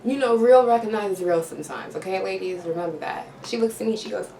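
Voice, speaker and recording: Animated woman telling a story in a roomy space. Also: mid-range voice, fast talker, creaky. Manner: animated storytelling with sound effects and slang. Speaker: vlogger. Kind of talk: storytime vlog. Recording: roomy, distant, noisy home recording.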